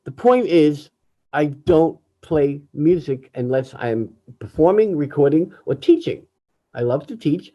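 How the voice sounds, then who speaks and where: An older man, a jazz pianist, speaking candidly over a video call in an emotional, reflective way, often halting and restarting. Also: fairly high pitch, expressive, dark tone, lo-fi sound. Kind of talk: candid personal talk.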